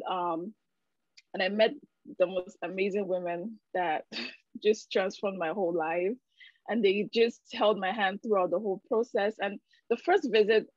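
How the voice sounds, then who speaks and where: A woman shares her personal testimonial candidly and emotionally, stumbling through fillers as she goes. Her voice sits at a middle pitch. The video call audio sounds dull and dry. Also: darkish tone, no echo. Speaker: patient giving a testimonial.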